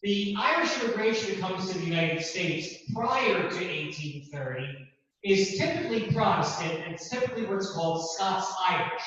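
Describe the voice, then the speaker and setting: A man giving a classroom lecture with a measured, deliberate delivery and emphatic repeats. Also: high voice, fairly bright tone. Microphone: distant room mic, also streamed to Zoom. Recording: distant, echoey, dull hall recording.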